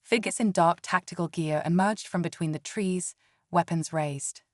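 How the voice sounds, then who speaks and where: A woman narrating a science fiction audiobook story in an even, steady way. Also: fairly low pitch, normal speed, no echo, clean studio sound.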